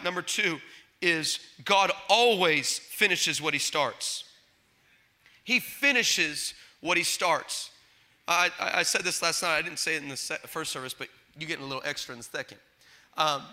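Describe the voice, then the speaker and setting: A man delivers a sermon with a raised, very bright and cutting tone. He swings from loud declarations to hushed asides, acting out quotes and stumbling into quick restarts as he tells his story. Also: fairly high pitch. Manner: impassioned preaching that swings between loud and hushed. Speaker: pastor.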